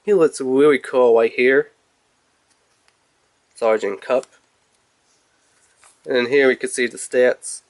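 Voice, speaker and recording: A man's voice: medium pitch, slow pace, long pauses. A man casually reviewing a toy in a rambling, playful, chatty way.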